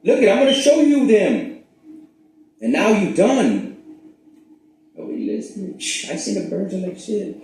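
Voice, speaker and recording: Animated man in a very echoey room. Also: high-pitched, normal speed, long pauses, slight background noise. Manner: animated, profane, swings between loud and hushed. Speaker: spiritual channel host. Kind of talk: rambling casual monologue.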